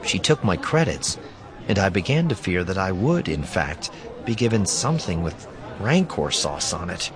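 A man's voice: low voice, sing-song, moderate pace, a crowd in the background. A man narrating a first-person story in a dry, wry manner.

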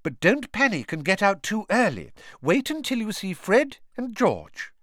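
A man's voice: high voice, very animated, measured pace, fairly bright tone, dry recording, clean studio sound, pitched above the performer's own voice, exaggerated voice. A man voicing a fussy, anxious middle-aged witch who dotes on the children. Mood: fussing. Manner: anxious, doting, fussing.

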